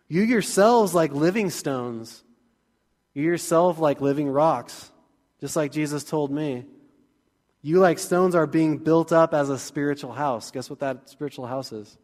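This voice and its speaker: A man preaching a sermon as pastor, casual and joking, rising to energetic bursts. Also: a little high. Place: church sanctuary. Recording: long church reverb.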